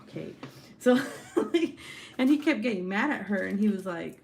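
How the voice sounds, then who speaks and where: Woman, young adult, livestream host, casual chat, swears a lot, laughs often, lowish voice, light background noise. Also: a little fast. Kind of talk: casual live-stream chat reading comments. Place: home.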